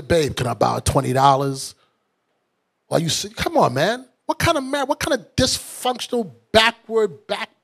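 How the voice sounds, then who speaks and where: A man's voice: high-pitched, fairly bright tone. A man preaching as a bishop in a fiery, mocking, blunt sermon style. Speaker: bishop and teacher.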